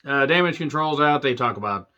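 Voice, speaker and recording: A man's voice: medium pitch, expressive, brisk, pushed and bright, dull audio. A man recapping a wrestling show in a sarcastic, profane rant. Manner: sarcastic, ranting, swears freely. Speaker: wrestling reviewer.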